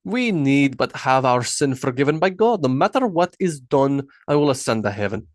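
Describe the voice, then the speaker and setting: A man's voice: mid-range voice, very animated, normal speed, no echo, clean studio sound, natural voice. A man reading an audiobook, voicing a stern older Christian Viking warrior with a thick accent and a preachy manner. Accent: thick unplaced accent put on.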